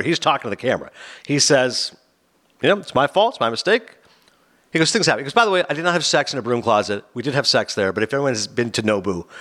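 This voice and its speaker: A man hosting a talk show, retelling a documentary in a casual, animated way and slipping into quoted voices. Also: mid-range voice. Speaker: host.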